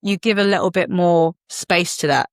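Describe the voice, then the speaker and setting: A woman's voice: fairly low pitch, moderate pace, no room sound, clean studio sound. A middle-aged woman, an actor and filmmaker, chatting on a podcast and acting out the people in her stories. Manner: animated storytelling, acting out quoted voices. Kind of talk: casual podcast conversation.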